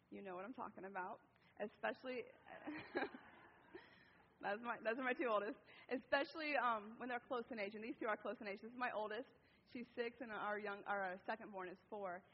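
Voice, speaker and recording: A woman in her thirties giving a sermon, telling a family story in an animated way, then reading scripture. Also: on the high side. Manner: animated storytelling, with lively quoted voices and laughter. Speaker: preacher. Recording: dull recording with long hall reverb.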